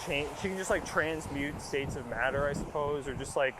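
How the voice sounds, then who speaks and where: A man's voice: fairly high pitch, normal speed. A young man tells a loose, profane movie recap, full of fillers and shrugging dismissals. He is recorded outdoors, with wind buffeting the mic and traffic noise plainly audible behind him. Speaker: podcast host. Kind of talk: casual rambling movie recap.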